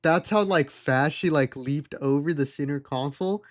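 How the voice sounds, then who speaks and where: A man's voice: fairly high pitch, normal speed. A young adult man streaming live, telling a rambling story and laughing at it.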